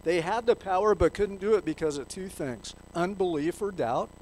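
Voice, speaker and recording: A pastor preaches in church, reading scripture aloud and posing questions to the congregation. His high voice is a little mellow at a normal speed, and the rough recording carries some hiss or hum.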